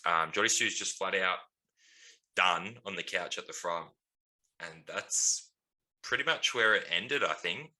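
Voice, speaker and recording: A man's voice: sits low, unhurried, sharp tone. A man co-hosting a podcast, telling a story in casual chat with lots of ums and laughs. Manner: rambling, laughing, full of ums. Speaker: podcast co-host.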